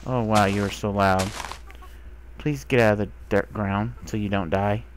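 A young man giving casual commentary while playing a video game, who talks to the animals he finds and gets excited, sometimes swearing. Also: on the low side, normal speed. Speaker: gamer. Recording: faint background noise.

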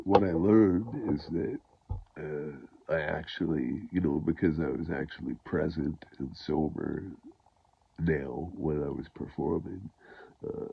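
Very deep gravelly man, stuffed up. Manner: halting, full of fillers and restarts; chuckles to himself. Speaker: vlogger sharing his recovery story. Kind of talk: casual rambling monologue. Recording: dull lo-fi recording.

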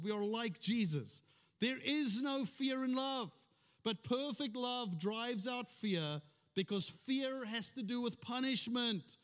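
Man, pastor, sermon, high voice, conversational storytelling, long church reverb. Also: a bit bright. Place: church sanctuary.

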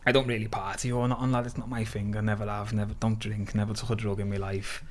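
Scouse lad spinning stories on a podcast, swears loads, laughs a lot. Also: male voice, on the low side, quick pace, slight background noise. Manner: animated, swears freely, laughs through his stories. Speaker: podcast guest. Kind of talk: casual storytelling.

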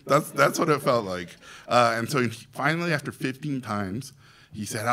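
A Mexican man, an animation director from Mexico, telling a story to an audience in an animated, theatrical way, with loud acted quotes. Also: mid-range voice, moderate pace. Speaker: animation director and festival guest speaker.

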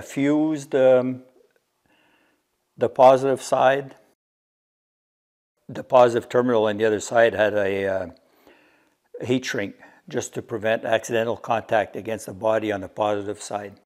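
A man's voice: mid-range voice, a little mellow. Man explaining a DIY build methodically. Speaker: DIY maker. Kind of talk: casual workshop show-and-tell.

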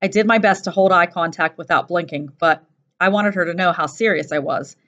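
A woman teacher reading a first-person novel aloud in a steady, plain storytelling voice. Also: lowish voice, a little fast. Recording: dull lo-fi recording.

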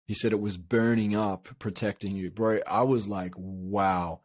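A man's voice: on the low side, steady tone, moderate pace, a little mellow, dry recording. A man from Australia, a coach, telling a long personal story in a casual interview, rambling with many fillers and restarts. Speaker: guest, coach.

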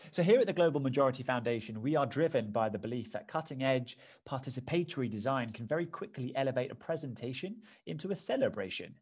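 Husky man with a presenter's patter. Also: medium pitch, very animated, fast talker, hardly any pauses. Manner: smooth corporate presenter patter. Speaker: stage actor performing a solo play. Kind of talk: theatrical monologue.

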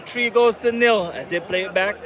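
High-voiced man livestreaming from a stadium. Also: moderate pace. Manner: repetitive, hyping, begs for likes. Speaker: football fan livestreamer. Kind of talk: live match commentary stream. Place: stadium stands among fans. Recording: loud crowd and outdoor noise. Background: stadium crowd.

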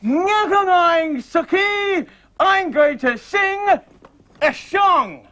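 A man's voice: very high voice, animated, extremely slow, voice pushed up, full character voice. A man doing a cheeky wooden-headed boy dummy. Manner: loud, cheeky, mock-clumsy ventriloquist voice. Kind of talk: children's TV puppet comedy.

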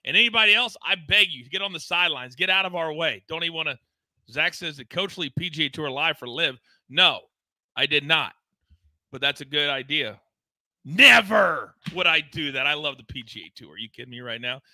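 A man's voice: fairly high pitch, a little fast, bright, forceful tone, no room sound. A man hosting a live sports betting show, talking in a hyped, teasing, promotional way. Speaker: host.

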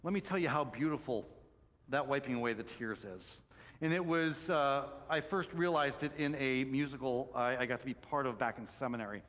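A middle-aged man preaching a sermon as pastor, telling stories animatedly and swinging between loud excitement and soft, hushed moments. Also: mid-range voice, normal speed. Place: church sanctuary. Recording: long church reverb.

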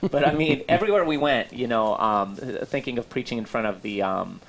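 A man's voice: mid-range voice, brisk, a bit bright, slight background noise. A man co-hosting a casual talk show, chatty and upbeat with plenty of fillers. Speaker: co-host.

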